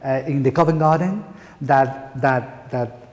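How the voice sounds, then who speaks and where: Spanish-accented male pronunciation lecturer, mellow, slightly high voice, long hall reverb. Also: measured pace. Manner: emphatic, playful lecturing with rhetorical questions. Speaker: pronunciation teacher. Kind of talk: lecture to university teachers.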